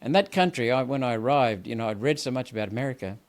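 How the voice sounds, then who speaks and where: A man's voice: medium pitch, lively intonation, quick pace. An older Australian man speaking as a senator in an interview, ranting emphatically and often repeating words as he presses his points. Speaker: senator, guest. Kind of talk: impassioned political interview.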